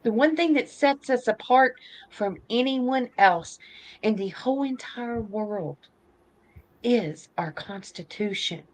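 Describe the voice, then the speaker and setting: A woman in her fifties holds forth on her podcast in an impassioned, ranting way. Her voice sits a little on the high side, and she hammers her points home with heavy emphasis. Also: expressive, slow. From United States. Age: 50s. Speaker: podcast host. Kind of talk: political opinion talk.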